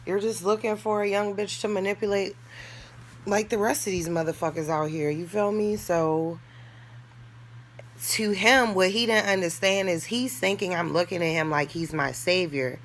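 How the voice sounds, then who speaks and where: A woman spills a personal story in a loose, casual monologue, blunt and unfiltered. Her talk is thick with slang and swearing, with quick laughs and acted-out lines from the people in it. Her voice sits in an everyday middle pitch. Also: slight background noise. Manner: laughs through the telling and acts out other people's lines. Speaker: storyteller vlogger.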